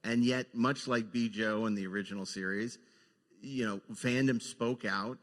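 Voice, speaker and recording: A man hosts a podcast interview and asks long, leading questions. His voice sits a little low but sounds bright and forceful, with a long reverb around it. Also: fairly even intonation, unhurried. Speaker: podcast host.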